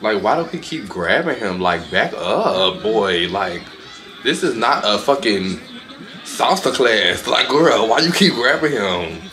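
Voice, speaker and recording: A man doing loud, sassy reaction commentary, his voice leaping up into high squeals and dropping back down again. His pitch sits in a middling range but swings widely as he reacts. He talks in quick, exclamatory bursts. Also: very animated, reverberant. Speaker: reaction video host. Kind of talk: reaction commentary on fight highlights.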